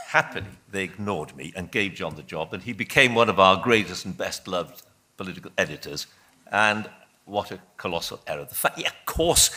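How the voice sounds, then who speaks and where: A man's voice: sits low, pushed and bright. An older man from Wales, a veteran broadcaster, telling a rambling anecdote in a debate with frequent restarts. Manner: rambling storyteller with restarts and self-corrections.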